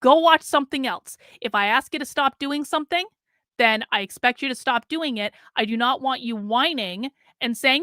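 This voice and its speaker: A woman's voice: a little high, a little fast, sharp tone, no room sound, studio quality. A woman hosting a livestream, talking bluntly and conversationally with lots of fillers as she reads out chat comments. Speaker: livestream host.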